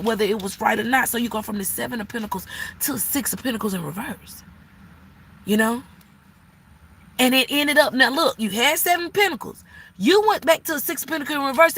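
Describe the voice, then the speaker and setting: A woman's voice: sits high, fairly bright tone, a little hiss or hum. A woman giving a live-stream tarot reading, sassy and blunt, cursing freely and scolding the viewer like an auntie. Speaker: tarot reader.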